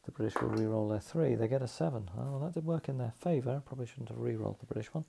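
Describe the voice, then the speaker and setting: A man's voice: mid-range voice, fast, gravelly, background noise. A man narrating his own tabletop wargame, working through each dice roll and modifier in a methodical, thinking-aloud way. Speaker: tabletop wargame player narrating a solo game. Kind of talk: casual play-by-play narration.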